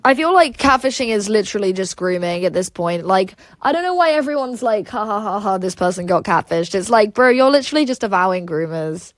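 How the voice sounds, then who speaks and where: A woman's voice: medium pitch, animated, fairly quick, hardly any pauses, dry recording. A woman hosting a casual livestream, reading chat aloud and rambling with lots of "like" and "um" fillers.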